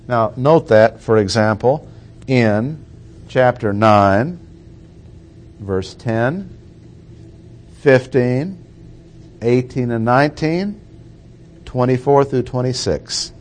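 A man preaching an expository sermon, reading verses aloud and repeating key points with deliberate emphasis. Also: medium pitch, expressive.

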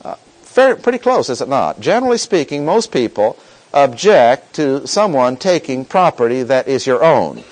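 A man delivers a sermon in an animated, rising-and-falling voice. He leans on quoted verses with deliberate emphasis and turns to the congregation with questions. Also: medium pitch, low-quality recording. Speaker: preacher.

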